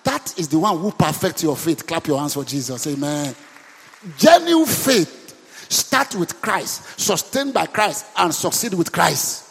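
Speaking a little slowly but expressively, a male pastor preaches call-and-response, repeating questions and urging his congregation to respond. His voice sits on the high side and is gravelly, husky, and fairly bright. The recording has a long hall reverb.

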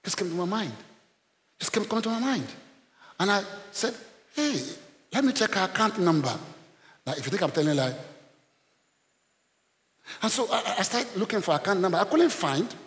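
A male pastor preaching a sermon in an animated way, bursting into shouts, repeating himself and calling out to the congregation. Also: high voice, normal speed, pauses often. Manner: addresses the congregation with call-and-response. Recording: long reverb of a large hall.

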